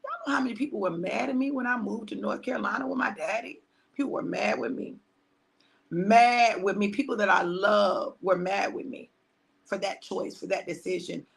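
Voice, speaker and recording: A woman pastor, preaching on a livestream with a bright, gravelly voice. She talks conversationally and repeats phrases for emphasis. Now and then she drops to hushed tones. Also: mid-range voice, normal speed.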